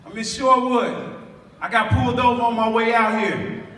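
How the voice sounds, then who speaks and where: High bright voice of a man preaching in a hall. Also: normal speed, a little hiss or hum. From West Side of Chicago, USA. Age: 40s. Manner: preacherly, call-and-response, rising to loud emphatic delivery. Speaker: spoken word poet and speaker. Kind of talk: motivational speech to a school audience. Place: large school hall. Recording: echoey hall from far off.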